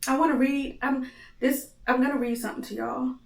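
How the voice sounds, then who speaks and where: A woman's voice: high voice, fairly even intonation, fairly quick, vocal fry, roomy sound. A woman in her thirties hosting a candid, emotional monologue, raw and blunt with plenty of swearing, audibly tearful. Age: 30s. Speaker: host. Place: home.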